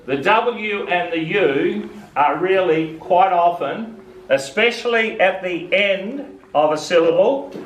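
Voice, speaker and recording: In an echoey room, recorded from a distance with a faint hiss, a man with a high voice gives a classroom phonics lesson. Speaking slowly as a reading teacher, he patiently explains vowel sounds to a student and asks questions.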